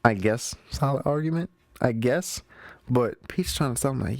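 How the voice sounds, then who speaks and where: This movie show host runs through the plot casually and slangily, addressing the audience directly. He speaks at a moderate pace with an animated, creaky, darkish medium-pitched voice, and the recording is dry.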